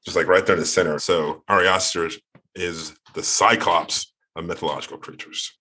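A man's voice: sits low, fairly even intonation, normal speed, bright, forceful tone. A man co-hosting a podcast, speaking plainly and directly in casual chat. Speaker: podcast co-host.

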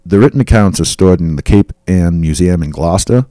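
A man's voice: low voice, a little fast, mellow, no echo, clean studio sound. A man hosting a podcast, reading historical accounts aloud with casual asides. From New England. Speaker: podcast host. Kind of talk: casual storytelling from notes.

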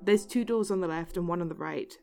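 A woman narrating a tabletop role-playing game as game master, relaxed and chatty. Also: fairly low pitch, brisk, gravelly, soft background music.

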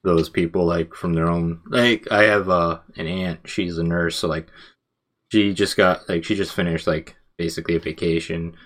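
A man's voice: low voice, steady tone, moderate pace, a bit bright. A man co-hosting a podcast in casual chat, rambling with many fillers and self-corrections. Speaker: podcast co-host.

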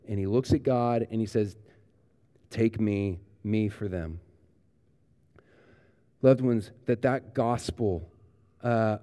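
Earnest preacher with a mellow voice. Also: male voice, medium pitch, long reverb tail. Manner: earnest storytelling, growing quiet and tender. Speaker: pastor. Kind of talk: sermon.

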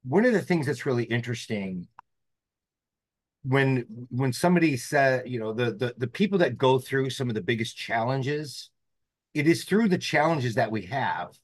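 A man's voice: mid-range voice, animated, a little slow, no echo. A man, a podcast guest telling a personal story in an earnest, reflective way. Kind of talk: storytelling interview.

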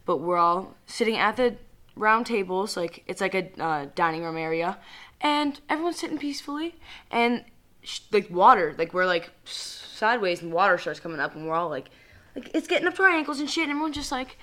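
A young woman co-hosting a casual podcast, telling a story in an animated, profane way and acting out quotes. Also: medium pitch, fairly quick. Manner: animated, profane, laughs easily, acts out quotes. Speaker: podcast co-host.

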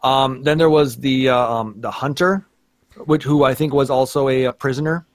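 A man's voice: mid-range voice, steady tone, normal speed, no room sound. Rambling man in casual chat. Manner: rambling, many fillers and restarts. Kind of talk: casual chat about an anime.

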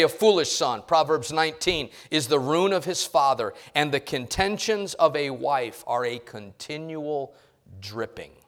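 A middle-aged man preaching a sermon in a church, swinging from quiet talk to loud emphasis and acting out voices. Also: on the high side. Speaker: pastor. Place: church sanctuary.

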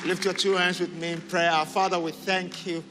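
A man pastor leading prayer and having the congregation repeat declarations after him, rising to fervent shouts. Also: high voice, little pitch movement, normal speed, crowd noise, noisy background. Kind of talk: sermon and prayer. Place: large church hall. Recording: echoing hall with music.

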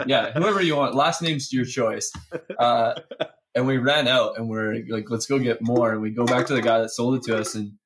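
A man's voice: medium pitch, steady tone, normal speed, a bit bright, slight background noise. A young man co-hosting a podcast, telling party stories in a profane, laughing, casual way. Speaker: podcast co-host. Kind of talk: casual storytelling chat.

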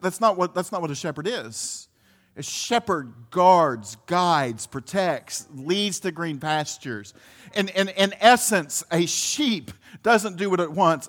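A man's voice: high-pitched, fairly bright tone. A man preaching a sermon in a conversational way, full of restarts, asides and laughs. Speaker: pastor.

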